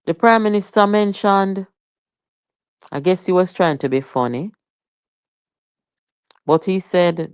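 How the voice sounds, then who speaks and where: Low-voiced Jamaican woman, live commentary. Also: takes it slowly, long pauses, smooth, no echo, clean studio sound. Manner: chatty, emphatic, rhetorical questions, patois asides. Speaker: political commentary host. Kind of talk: live-stream political commentary.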